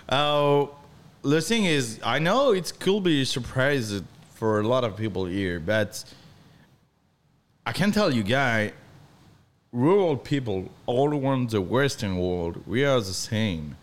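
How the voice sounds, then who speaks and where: A man from northern France with a French accent, talking as a guest in halting English full of restarts. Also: mid-range voice, very animated. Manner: halting non-native English, frequent restarts, earnest. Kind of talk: casual chat.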